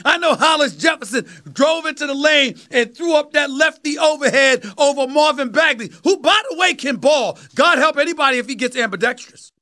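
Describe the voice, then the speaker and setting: A man in his fifties with a strong New York accent talks sports, his voice pitched unusually high with a tense, forceful edge. He preaches rather than chats, raising his voice to a shout and repeating lines for emphasis. It is a fiery sports talk monologue. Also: fairly quick, hardly any pauses. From New York, USA. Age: 50s. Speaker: sports talk show host.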